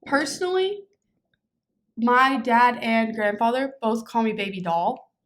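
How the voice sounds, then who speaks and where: A woman's voice: a little high, measured pace. A young woman co-hosting a casual podcast chat, opinionated and emphatic, often restarting her sentences. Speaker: podcast co-host.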